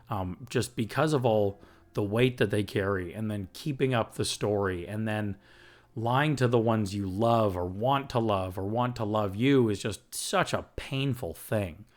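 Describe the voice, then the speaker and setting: A man hosting a recovery podcast, talking earnestly and getting fired up, with the odd swear and laugh. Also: fairly low pitch. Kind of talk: reflective recovery podcast talk.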